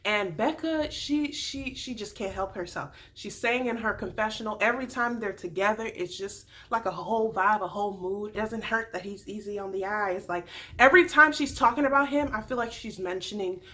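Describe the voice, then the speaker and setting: A woman giving a casual, animated TV recap as a vlogger, slangy and quick to laugh. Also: mid-range voice.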